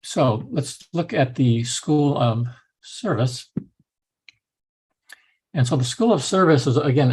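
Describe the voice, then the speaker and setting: Husky man giving a rambling lecture. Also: mid-range voice, a little mellow. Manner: loose, rambling, with many restarts. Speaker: instructor. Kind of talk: recorded lecture.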